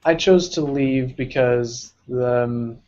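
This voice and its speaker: A man with a mid-pitched voice chats eagerly on a podcast, jumping in to add his thoughts. His audio sounds dull and lo-fi. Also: slow pace, darkish tone. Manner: eager, chatty, jumps in. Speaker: podcast co-host. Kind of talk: casual discussion of a video game.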